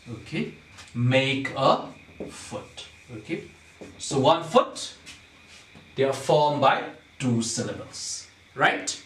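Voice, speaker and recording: A male teacher patiently explaining a poem to a class, often checking understanding with "okay?". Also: medium pitch. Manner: patient, repeats points, keeps checking with "okay?". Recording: roomy sound, far from the mic, faint noise.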